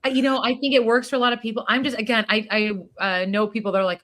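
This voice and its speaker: A woman's voice: a little high, fairly even intonation, very fast, hardly any pauses, a bit bright. A woman co-hosting a podcast in casual chat, rambling with many fillers. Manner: chatty, filler-heavy, rambling. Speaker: podcast co-host.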